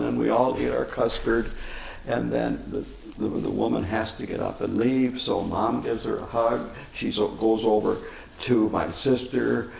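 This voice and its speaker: An older man, a Buddhist teacher, answering questions with unhurried, chuckling stories. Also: mid-range voice, little pitch movement, vocal fry, a little mellow. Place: meditation center hall. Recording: echoey room, faint noise.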